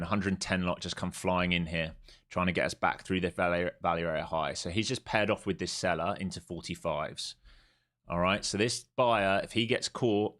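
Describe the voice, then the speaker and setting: A day trader on a live stream gives blunt, casual commentary, thinking out loud, repeating key points and swearing freely. His voice is low with a slightly bright edge.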